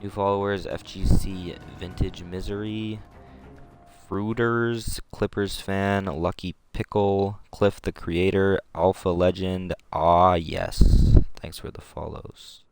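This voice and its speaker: A male streamer giving casual live commentary on replays, slangy and excitable, jumping to shouts at tense moments. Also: sits low, takes it slowly. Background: music.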